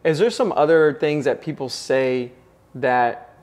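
A man's voice: medium pitch, a little slow, a little mellow. A man hosting an interview indoors, asking eager, hyped-up questions that ramble with fillers. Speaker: interview host. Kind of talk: conversational interview. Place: penthouse apartment, indoors.

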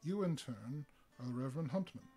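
A man's voice: mid-range voice, lively intonation, brisk, dark tone, husky, faint music behind. An arrogant military strongman in a storybook tale, speaking with dry, sardonic amusement, as a man reading aloud voices him. He is formal and mocking, sure of his own power. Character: lean arrogant male military dictator.

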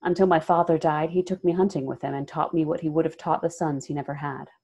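A woman voicing a proud young village wise woman who answers with sharp, indignant retorts. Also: low-pitched, steady tone, fast talker, breathy edge. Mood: challenging.

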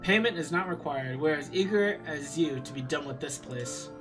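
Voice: medium pitch, lively intonation, normal speed, close to an everyday voice. A streamer voicing Weiss, a haughty male talking magic book, with formal, commanding speech over faint guitar music. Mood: lofty. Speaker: streamer reading a visual novel.

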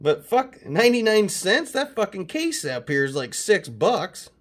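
Man, from canada, card channel host, swears nonstop, hyped, slightly high voice. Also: unhurried. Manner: profane, excitable hype talk. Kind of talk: casual mail-day chat.

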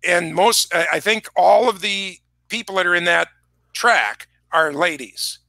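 A man's voice: high voice, measured pace, creaky, pushed and bright, no echo. A man hosting a casual online concert pre-show, chatting and telling rambling stories. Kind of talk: casual chat. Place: music shop.

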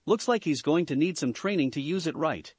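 A man's voice: a little high, animated, brisk, slightly rough, no room sound. A man voicing an exasperated older male ninja sage who mutters and grumbles.

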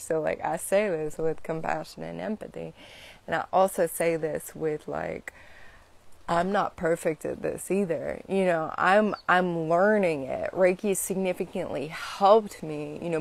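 A woman's voice: sits low, gravelly. A young woman chatting casually to viewers about energy healing, rambling with lots of "you know" and "like". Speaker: Reiki practitioner hosting a live stream. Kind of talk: casual spiritual chat to viewers.

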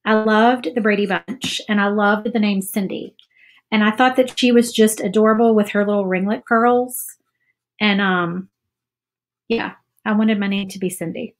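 A woman's voice: mid-range voice, steady tone, moderate pace. A woman chatting casually while she paints on a livestream, self-doubting and saying "y'all" often. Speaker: craft livestream host.

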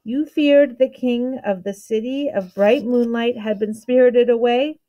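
A woman's voice: fairly high pitch, steady tone, measured pace, highs cut off, lightly acted. A woman reading aloud and voicing an amused, playful male king who gives orders in a teasing way. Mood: commanding. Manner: commanding yet teasing.

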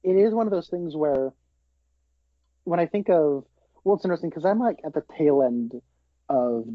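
A young man in his twenties talking about a film in a relaxed, chatty way, laughing easily. His voice sits a little high, and the recording is dry and somewhat muffled. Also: moderate pace, no room sound. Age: 20s. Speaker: podcast co-host. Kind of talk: casual film review chat.

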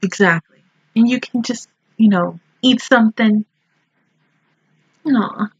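A woman's voice: a little high, slow pace, slightly rough, no echo, lo-fi sound. A woman giving casual, emotional commentary as she reacts to an anime episode, exclaiming, slangy and swearing freely.

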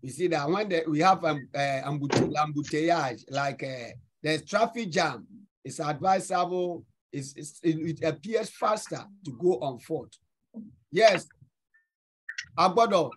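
Ghanaian man teaching French, high voice. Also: breathy edge, poor audio. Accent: Ghanaian English. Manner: explains slowly, repeats words. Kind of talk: online class review.

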